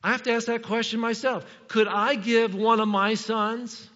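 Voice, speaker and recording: A middle-aged man preaching a sermon in a lively, conversational way, full of rhetorical questions. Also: sits high, moderate pace. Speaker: pastor. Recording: reverberant hall, dull lo-fi sound.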